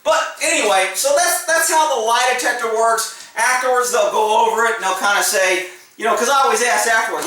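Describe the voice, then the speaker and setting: A man's voice: very high voice, a little fast, bright, forceful tone, heavy reverb, recorded from a distance, rough recording. A man, a former police officer, telling stories in a blunt, joking casual monologue and acting out the exchanges he quotes.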